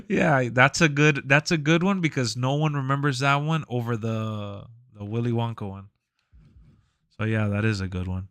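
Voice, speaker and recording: A man streaming live, chatting casually in a relaxed, rambling, slangy way into a close mic. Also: medium pitch, normal speed, smooth, dry recording.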